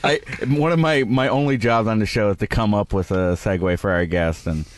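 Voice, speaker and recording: A man co-hosting a casual podcast, upbeat and quick to laugh. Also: on the low side, slight background noise. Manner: upbeat, laughs often, lively intonation. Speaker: podcast co-host.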